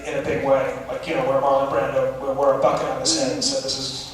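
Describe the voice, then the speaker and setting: A film director answering audience questions in a chatty, laughing way at a festival Q&A. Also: male voice, medium pitch, fairly even intonation, quick pace. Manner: chatty, laughing asides, restarts. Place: large hall with audience. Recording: echoey hall from far off, audience noise.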